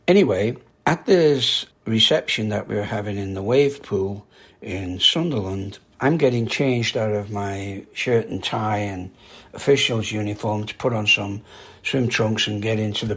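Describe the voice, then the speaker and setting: Older male host, low husky gravelly voice, casual rambling anecdotes, chuckles often. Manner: chatty, rambling, laughs at his own stories. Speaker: karate instructor and podcast host.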